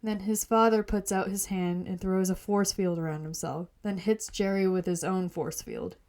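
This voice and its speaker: Woman, storyteller, playful, teasing, mid-pitched. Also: steady tone, moderate pace, darkish tone. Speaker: podcast storyteller. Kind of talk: reading her own story aloud.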